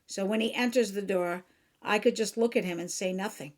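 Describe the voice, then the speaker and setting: A woman's voice: medium pitch, fairly quick. A woman who hosts a podcast as a life coach, talking earnestly in a solo instructive monologue and acting out examples.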